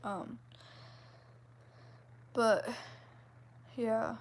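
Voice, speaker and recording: Soft-voiced, giggly young woman with a gravelly edge. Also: a little high, steady tone, extremely slow. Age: 20s. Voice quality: soft, gentle voice. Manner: chatty, giggly, fills speech with "like". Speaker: vlogger chatting with viewers. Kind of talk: casual livestream chat.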